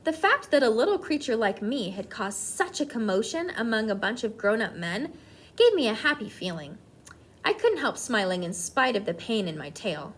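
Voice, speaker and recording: A woman teacher reading a children's book aloud to her class, with expressive, animated delivery. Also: a little high, normal speed.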